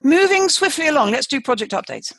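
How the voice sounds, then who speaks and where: A woman's voice: high-pitched, very animated, fairly quick, over loud music. A woman in her sixties co-hosting a podcast, teasing her partner with dry humour in casual chat. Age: 60s. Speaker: podcast co-host.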